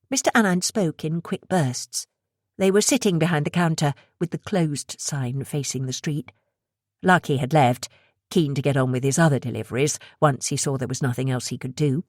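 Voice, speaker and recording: A woman with a deep, low-set voice reads a suspense novel aloud in a steady, measured delivery. The sound is close and completely dry, with no room around it. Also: no room sound. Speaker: audiobook narrator. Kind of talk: scripted thriller narration.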